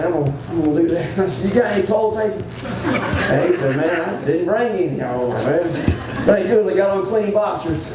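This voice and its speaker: Guy doing funny hunting stories at a dinner, echoey hall, kinda far from the mic, noisy. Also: sits high. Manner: animated Southern-style storyteller, acting out voices. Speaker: banquet speaker. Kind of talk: humorous storytelling speech. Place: banquet hall.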